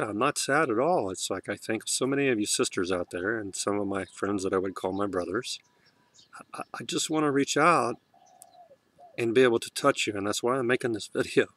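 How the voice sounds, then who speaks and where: Man, low voice, soft-spoken, emotional, halting restarts, heartfelt spiritual vlog. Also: dry recording. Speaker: vlogger.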